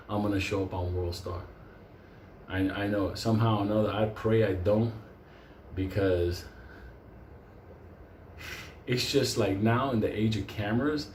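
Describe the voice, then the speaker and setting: A man's voice: on the low side, slight background noise. Profane New man telling a story. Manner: animated, laughs often, heavy swearing. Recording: roomy echo, faint ambience.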